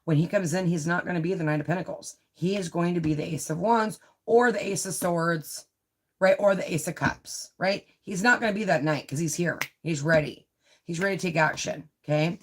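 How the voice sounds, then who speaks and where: A woman's voice: on the low side, a little fast, a little hiss or hum. A woman giving a live tarot reading, chatty and confiding, often checking in with "right?" and "you know". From Italian heritage. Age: adult with a child. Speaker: tarot reader.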